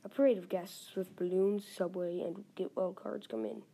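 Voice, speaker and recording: A woman reading a war adventure story aloud, halting and correcting herself as she goes. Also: mid-range voice, steady tone, creaky, mellow, husky. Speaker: story reader.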